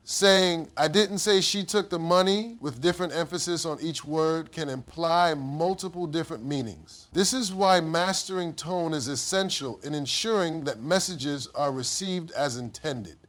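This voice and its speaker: A man delivering a scripted motivational speech in a measured way, each sentence dropping low and soft at the end. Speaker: motivational speaker.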